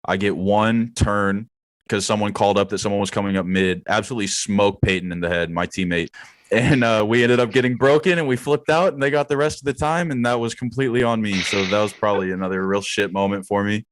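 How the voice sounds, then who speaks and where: A man's voice: lowish voice, steady tone, brisk, dry recording. A man on a casual gaming podcast, recalling matches in a laid-back way and chuckling as he tells them. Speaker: esports team co-owner, podcast host.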